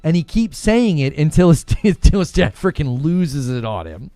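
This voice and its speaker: A man hosts a gaming news podcast in loose, casual chat. His voice sits a little high and swings around animatedly, rambling through fillers and easy laughs. The sound is dry and close, with faint music underneath. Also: sing-song, normal speed, dark tone, no room sound.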